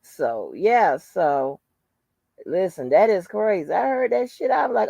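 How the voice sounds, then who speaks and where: A woman's voice: medium pitch, expressive, a little slow, gravelly, mellow, no room sound. Blunt, profane woman chatting on a live stream. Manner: greets viewers by name, blunt and profane. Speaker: channel host. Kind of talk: casual live-stream chat.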